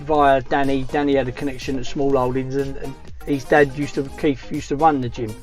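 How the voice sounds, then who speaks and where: A man's voice: medium pitch, flat delivery, a little fast. A middle-aged man who tells stories in a blunt, plain-spoken way during a casual chat. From England. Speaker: boxing coach and cab driver, guest. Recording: dull lo-fi sound with faint music.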